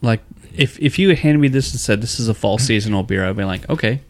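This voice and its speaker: A man hosting a casual beer-tasting podcast, talking in a relaxed, hesitant way with many restarts. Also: fairly low pitch, fast talker. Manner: relaxed, hesitant, repeats himself. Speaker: podcast host.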